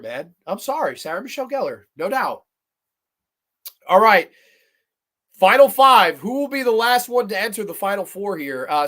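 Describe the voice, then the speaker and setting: Excitable, profane male stream host. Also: high-pitched. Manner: profane, excitable, agonizing aloud over picks. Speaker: podcast host. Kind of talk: live-stream chat with viewers.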